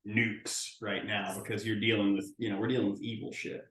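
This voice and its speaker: A man's voice: lowish voice, flat delivery, brisk, a bit bright. A man playing a tabletop game, talking in easygoing, friendly casual chat. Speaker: player. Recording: echoey room.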